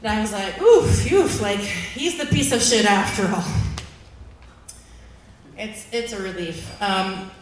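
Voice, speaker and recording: A woman in her thirties doing stand-up at an open mic, chatty and self-mocking, full of fillers, breaking into loud outbursts when she acts out her own frustration. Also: mid-range voice, lively intonation, a little slow, pauses often, a little hiss or hum. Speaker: stand-up comic. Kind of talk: stand-up storytelling. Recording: echoey room, mic heard from far off.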